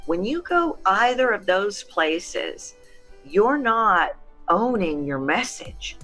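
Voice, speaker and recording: A woman's voice: mid-range voice, very animated, slow pace, sharp tone, faint music behind. A middle-aged woman, a voice coach, answering interview questions in an emphatic, teacherly way. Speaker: voice coach guest.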